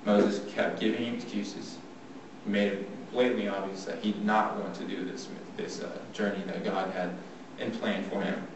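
A man's voice: lowish voice, level tone. Man teaching scripture in an echoey room. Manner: plain and earnest, slows down when reading scripture. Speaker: speaker giving a Bible talk. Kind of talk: devotional Bible teaching. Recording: echoey room from far off, faint noise.

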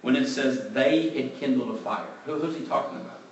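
A man giving a conversational Bible teaching, relaxed and thinking aloud, openly admitting what he is unsure of. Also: mid-range voice, brisk, dull audio. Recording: very echoey room, mic far off, faint background noise.

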